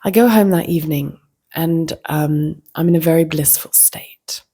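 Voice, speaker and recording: Husky low-ish woman chatting through a story, dips into whispers now and then. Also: normal speed. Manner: reflective, slips into soft whispers. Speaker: vlogger. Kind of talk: casual storytelling.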